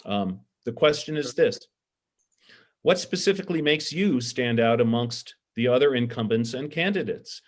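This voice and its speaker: A man's voice: mid-range voice, expressive, normal speed. Earnest man moderating a candidate forum. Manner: warm, earnest, heartfelt with many ums. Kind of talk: moderating a candidate forum over video call. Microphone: video call.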